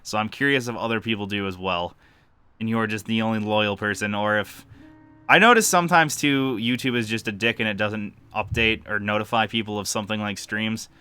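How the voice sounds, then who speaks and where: A man's voice: fairly low pitch, brisk, sharp tone, clean tone. A man casually commenting while playing games on a stream, joking and self-deprecating. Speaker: game streamer. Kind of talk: casual let's-play commentary.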